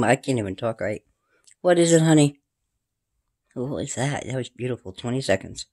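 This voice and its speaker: A woman, filming at home and rambling casually to her camera and her cat, often sliding into a high sing-song baby voice. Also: expressive, normal speed, warm tone. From New York. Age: 50s. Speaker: paranormal vlogger. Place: indoors at home in a room.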